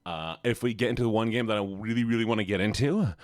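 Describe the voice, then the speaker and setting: A man's voice: lowish voice, quick pace, no room sound, studio quality. A young man streaming, chatting casually with viewers in a rambling way, repeating words and laughing often.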